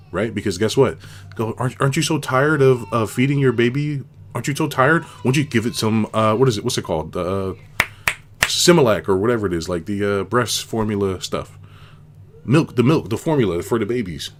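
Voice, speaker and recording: Male host, lowish voice, casual rambling monologue, lots of rhetorical questions and repetition. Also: a little hiss or hum. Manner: rambling, with many rhetorical questions and tag "right?"; repeats himself for emphasis. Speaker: business consultant and video host. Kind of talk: casual spoken commentary to camera.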